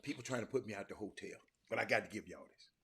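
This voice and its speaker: A man hosting a casual livestream talk from a hotel room. He is an animated storyteller who repeats and restarts words and keeps calling out to his viewers as y'all. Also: fairly low pitch, fast, vocal fry, slightly rough. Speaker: talk show host.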